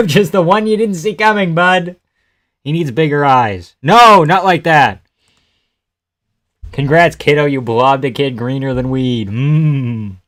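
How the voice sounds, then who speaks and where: A young man hosts a live reaction stream from home, cursing casually and laughing through his remarks. He reads out chat messages and riffs on the fights. His voice sits at an ordinary male pitch. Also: a bit bright. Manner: crude, joking, laughs often, reads chat aloud. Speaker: livestream host.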